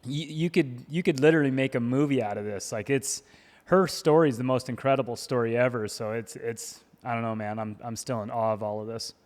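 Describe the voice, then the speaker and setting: A middle-aged man co-hosting a podcast in casual chat, animated, laughing often and stumbling over his first words. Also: medium pitch, fairly quick. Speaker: podcast co-host. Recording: long hall reverb.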